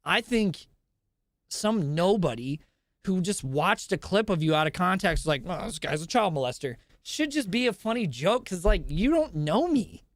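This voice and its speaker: A young man chatting on a podcast, rambling and swearing freely, breaking into laughter. His voice sits a little high and swings widely in pitch. The sound is dry and close, with no room around it. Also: very animated, a little slow, dry recording. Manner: rambling, profane, laughs often. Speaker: podcast host and streamer. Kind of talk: casual podcast chat.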